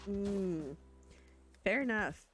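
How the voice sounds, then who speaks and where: A woman's voice: mid-range voice, lively intonation, extremely slow, soft background music. A young woman from Canada, chatting casually and rambling as she streams a game and answers chat. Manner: chatty, rambling, reads chat aloud, laughs often.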